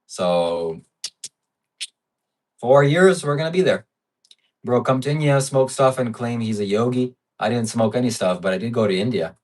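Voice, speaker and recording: A man's voice: mid-range voice, animated, normal speed, long pauses, a little mellow, recorded from a distance. A man hosting a livestream, reading viewer donations in blunt, brash, profane casual chat. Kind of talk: casual live-stream chat.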